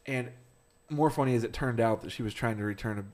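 A man in casual podcast chat with a middle-pitched voice. He tells a story in a rambling way, laughs a lot and swears freely. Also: fast, darkish tone. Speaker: podcast co-host.

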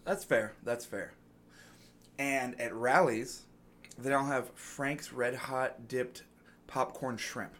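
A man's voice: medium pitch, slow pace, fairly bright tone. A man co-hosting a casual podcast chat, rambling, laughing often and trailing off mid-sentence. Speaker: podcast co-host.

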